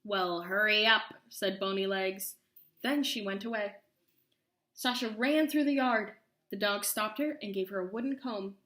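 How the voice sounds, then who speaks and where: A woman reading a children's story aloud, expressive and slowing for suspense. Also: mid-range voice, reverberant. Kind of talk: read-aloud story narration.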